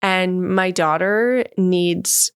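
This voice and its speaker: A woman in her thirties, a guest expert, telling stories in an animated way in a podcast interview and acting out the voices she quotes. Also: fairly low pitch, drawn-out words, smooth, no echo, studio quality. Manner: animated storyteller who acts out quoted voices. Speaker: guest expert on emotional development.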